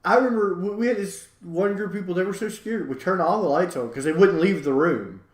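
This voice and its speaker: A podcast co-host with a high voice tells stories briskly in a casual chat, acting out the people in them. He's an animated storyteller who performs the quotes. The sound is roomy.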